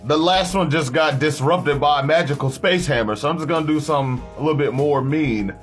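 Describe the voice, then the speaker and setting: A man plays a bossy armored genius, pitched a bit higher and talking with pushy sarcasm. Faint music plays underneath. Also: brisk, natural voice. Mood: sarcastic.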